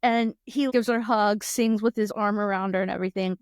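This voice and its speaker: A woman's voice: mid-range voice, steady tone, brisk, smooth, dry recording, studio quality. A woman co-hosting a podcast, chatting casually with lots of fillers and laughter. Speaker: podcast co-host. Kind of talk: casual chat.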